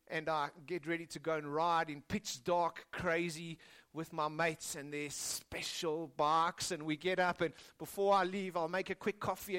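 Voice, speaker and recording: High-voiced man preaching with dramatic swings. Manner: dramatic preaching, swings from loud emphasis to hushed low phrases. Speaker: pastor. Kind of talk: sermon.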